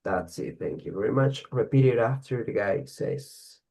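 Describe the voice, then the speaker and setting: A man's voice: mid-range voice, lively intonation, moderate pace, vocal fry, darkish tone. A man teaching an online English class, giving praise and repeating words for students to copy.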